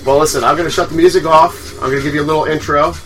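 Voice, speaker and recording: Bright-voiced joking man hosting. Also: a little high, fairly even intonation, very fast, faint music behind. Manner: joking, laughs often. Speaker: host. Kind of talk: casual chat.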